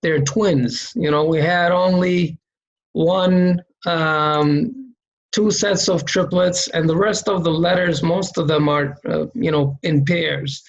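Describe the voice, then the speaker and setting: Slow and creaky, with a fairly high, fairly even voice on a lo-fi recording, a man guides learners through a reading lesson. Step by step he explains how letters look and sound, repeating each sound patiently and asking "okay?" to make sure they follow.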